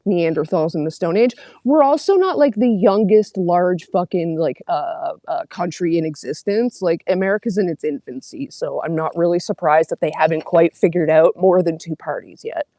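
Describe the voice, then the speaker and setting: A woman's voice: on the low side, dark tone, no room sound. A young woman, livestreaming and reading out comments in casual, sarcastic, profane chat. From Canada.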